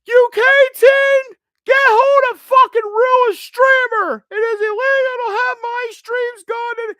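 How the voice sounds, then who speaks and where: A man imitating a furious woman streamer, shrieking an angry rant in a drawn-out voice. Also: extremely high pitch, fairly even intonation, pushed and bright, no room sound, pitched above the performer's own voice, heavily acted.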